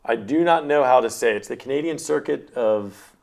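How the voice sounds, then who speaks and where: A man's voice: medium pitch, fairly quick, creaky. A man co-hosting a casual podcast chat, joking and self-mocking as he talks. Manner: jokey, self-mocking, chatty. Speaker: co-host.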